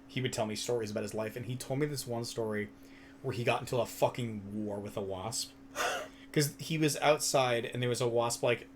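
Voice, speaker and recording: A man's voice: mid-range voice, fairly quick, background noise. A young man chatting casually as a stream co-host, telling funny stories, laughing often and swearing freely. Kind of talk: casual chat.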